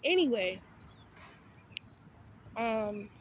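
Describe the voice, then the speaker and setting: Blunt, high-voiced woman ranting outdoors. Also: drawn-out words, slight background noise. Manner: profane, blunt, animated storytelling; acts out her own retorts in a raised voice. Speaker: vlogger. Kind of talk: casual storytime rant.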